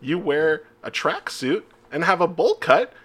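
A man co-hosting a podcast in laid-back casual chat, wry and quick to laugh. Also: fairly high pitch, very animated, a bit bright, husky. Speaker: podcast co-host.

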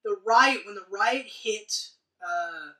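A man's voice: sits high, slow, pushed and bright. Rambling, profane man in an echoey room. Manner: profane, rambling, acts out scenes. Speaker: podcast co-host. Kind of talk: casual movie discussion. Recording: echoey room, mic at a distance.

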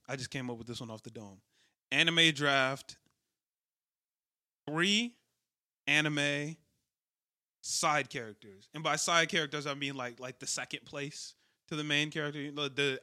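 A man's voice: a little high, sharp tone, no room sound, clean studio sound. A young man hosting a casual chat in an easygoing way, often repeating his points for emphasis.

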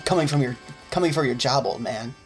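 A man voicing a cocky young deckhand who taunts an old cook, in a low, quiet, sneering tone. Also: brisk, faint music behind, lightly acted. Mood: taunting.

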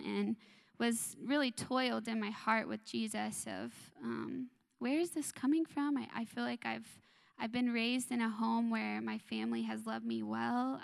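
A young woman in her twenties gives a church testimony in a soft, earnest voice, pausing often with ums. Her tone sits a little high, with a gravelly fry running through it. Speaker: worship leader sharing a testimony.

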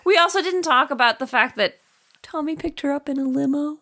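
A woman's voice: sits high, a little fast, pushed and bright. A woman co-hosting a podcast, chatting casually about a film with blunt, sarcastic and profane remarks. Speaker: podcast co-host.

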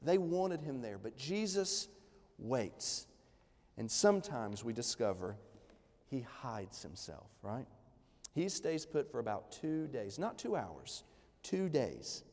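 A man's voice: medium pitch, sing-song, takes it slowly, a little mellow. A man, preaching a sermon in a casual, storytelling way with lots of fillers. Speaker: pastor. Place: church sanctuary. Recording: long church hall reverb.

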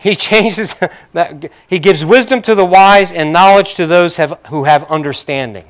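A man's voice: high voice, a little slow. A male pastor preaching a sermon in a conversational way, with joking, apologetic asides to his congregation.

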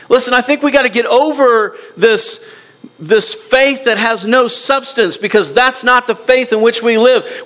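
A man's voice: very high-pitched, a little slow, a bit bright. A male pastor preaching a sermon to his congregation, emphatic and conversational, often repeating words and asking the room questions.

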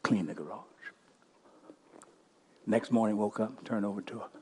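A male pastor telling a story during a sermon, impassioned, swinging between loud bursts and hushed passages. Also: on the low side, moderate pace, a little hiss or hum.

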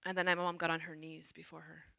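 Middle-aged nun, personal testimony, lively storyteller, bright tone. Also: female voice, low voice, fast, gravelly. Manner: animated storyteller, acts out quotes. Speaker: religious sister.

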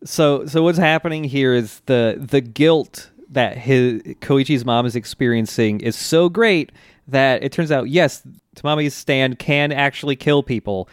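A man's voice: mid-range voice, measured pace, clear, resonant tone, no room sound, studio quality. A man co-hosting a casual podcast, retelling plot in a laid-back, laughing way full of fillers. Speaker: podcast co-host. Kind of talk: casual recap chat.

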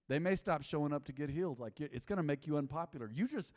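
A man's voice: fairly high pitch, fast, darkish tone, natural voice. A man voicing a casual, worried male disciple who speaks in slangy talk to his leader.

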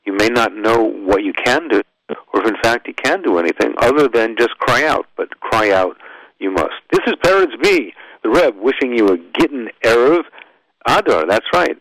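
A man's voice: medium pitch, sing-song, moderate pace, fairly bright tone, dry recording, poor audio. A man hosting a radio call-in show, folksy and emphatic, dropping Hebrew and Yiddish phrases into his talk and stretching words for emphasis. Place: radio studio. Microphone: studio microphone.

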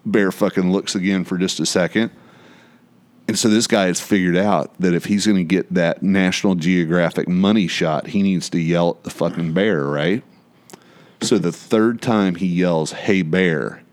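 Man, deep low voice, casual storyteller, swears freely and builds suspense. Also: moderate pace. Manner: animated, profane anecdote telling.

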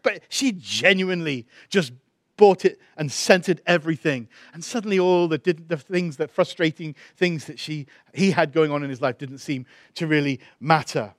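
Aussie preacher guy, fairly high voice, dry close sound, tells a story and gets loud and emphatic. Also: moderate pace, dry recording. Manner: storytelling, acts out quoted voices, builds to emphatic peaks. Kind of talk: sermon with a personal story.

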